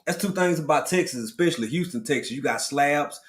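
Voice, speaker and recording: Man, slightly high voice, laid-back, slangy, casual livestream chat, greets viewers, desk mic at home. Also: fast. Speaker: livestream co-host. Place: home room, in Texas.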